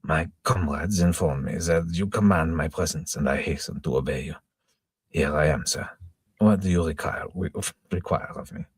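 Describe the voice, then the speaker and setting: A man voicing a wounded male musketeer who speaks calmly, slowly and feebly. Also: extremely low pitch, husky, no room sound. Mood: calm feeble. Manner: slow, calm and measured.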